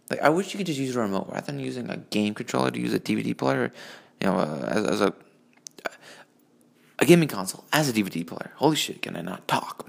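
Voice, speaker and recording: Man, rambling profane rant, gravelly voice, swings up and down in pitch, phone mic. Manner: profane, rambling, self-interrupting. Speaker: vlogger.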